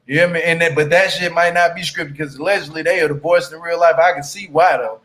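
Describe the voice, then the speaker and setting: A man's voice: a little high, fairly even intonation, a bit bright. A man giving a blunt, profane rant in casual commentary as he recaps a reality TV episode. He drags out words for emphasis and keeps asking the listener "you hear me?". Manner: drawn-out emphatic phrasing. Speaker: TV reality show recap YouTuber.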